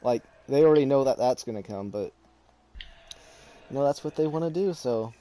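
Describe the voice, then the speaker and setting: Dark-voiced man rambling casually. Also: medium pitch, animated, moderate pace. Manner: rambling, restarts often, talks in circles. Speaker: channel host. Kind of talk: casual chat while gaming.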